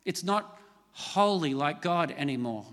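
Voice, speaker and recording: Middle-aged man, pastor, chatty storytelling sermon, slightly high voice, long echoing hall. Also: lively intonation, measured pace, a bit bright. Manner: conversational, storytelling with self-mocking asides. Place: large church hall.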